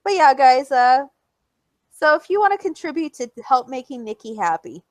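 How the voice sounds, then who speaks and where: A young woman co-hosting a podcast in casual chat, animated and fond of mimicking voices in squeals and coos. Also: high-pitched, normal speed, no echo. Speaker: podcast co-host.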